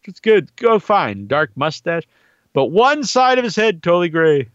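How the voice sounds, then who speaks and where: Animated, rambling man with a high voice. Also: measured pace, clear, resonant tone, no room sound, muffled recording. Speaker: wrestling commentator. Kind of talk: casual monologue.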